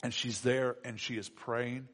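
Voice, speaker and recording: A man's voice: mid-range voice, flat delivery, measured pace, a bit bright. A man preaching a sermon as pastor, conversational and joking, with frequent fillers and restarts.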